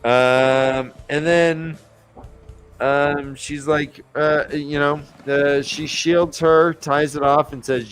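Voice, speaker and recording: A man's voice: medium pitch, slow, faint music behind. A man casually recapping book chapters on a podcast, acting out the characters' lines as he goes. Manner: animated retelling, acts out characters' lines. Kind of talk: casual chat.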